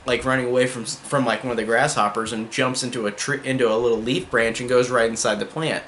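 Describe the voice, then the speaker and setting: A man's voice: mid-range voice, fairly even intonation, quick pace, a bit bright, slight background noise. Chatty man rambling through a movie review. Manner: enthusiastic, rambling, heavy use of "like". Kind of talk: casual spoken movie review.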